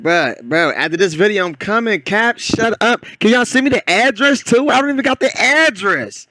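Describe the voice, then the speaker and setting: A young man chatting slangily while reacting to a video, throwing in loud interjections. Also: high voice, animated, moderate pace. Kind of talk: casual reaction chat.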